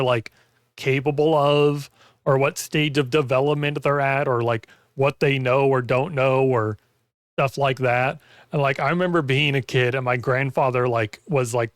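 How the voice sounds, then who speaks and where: A man's voice: medium pitch, dry recording, studio quality. A man chatting casually on a gaming stream, rambling with lots of "like" fillers and losing his voice. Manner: rambling, heavy use of "like". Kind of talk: casual chat while gaming.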